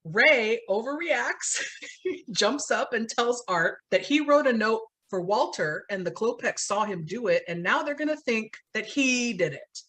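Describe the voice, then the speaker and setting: A woman's voice: fairly high pitch, lively intonation, measured pace, fairly bright tone. A woman podcast host casually recounting a film scene by scene, laughing often. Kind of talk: casual movie recap chat.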